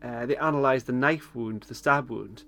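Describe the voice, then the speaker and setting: A man co-hosting a podcast, recapping an episode in relaxed chat, laughing often and pausing with lots of ums. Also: mid-range voice, creaky, a little hiss or hum. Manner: chatty, laughs often, hesitant with many ums. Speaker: podcast co-host.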